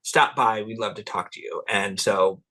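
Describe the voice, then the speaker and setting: A man's voice: on the low side, steady tone, moderate pace, bright, forceful tone. A middle-aged man, a cultural anthropologist guest, telling rambling stories in an interview, laughing often and acting out what people said. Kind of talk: relaxed interview storytelling.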